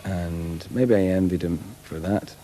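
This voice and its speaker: A man's voice: low voice, fairly even intonation, measured pace, over music. A man musing reflectively in an interview.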